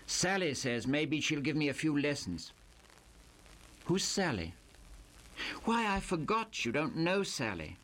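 A man's voice: a little high, big pitch swings, a little slow, long pauses, fairly bright tone, voice pushed up, full character voice. Smug young playboy with a lazy drawl, voiced by a male reader. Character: self-satisfied young male playboy speaking broken English.

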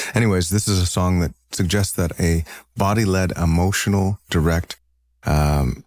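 Deep-voiced radio DJ, chatty. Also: male voice, a little mellow, no room sound. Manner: casual and chatty, self-deprecating asides. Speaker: radio music show host. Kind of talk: radio DJ patter between songs.

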